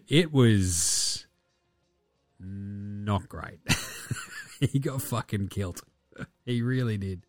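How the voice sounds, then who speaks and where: A man's voice: fairly low pitch, extremely slow, long pauses, dry recording, faint music behind. An Australian man hosting a basketball podcast, chatting casually in a jokey, rambling way with plenty of swearing. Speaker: podcast host.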